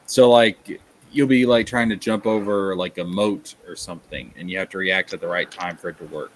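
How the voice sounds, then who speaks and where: A man's voice: low voice, normal speed. Ranting casual streamer man. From Tennessee, USA. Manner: animated, ranting, reads chat aloud. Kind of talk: casual livestream chat.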